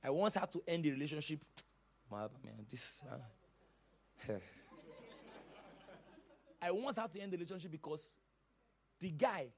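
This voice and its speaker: A male pastor delivers a sermon with emphatic, dramatic force and sudden outbursts. His voice sits high and leaps around with lively swings of pitch. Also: unhurried, vocal fry, pauses often, husky.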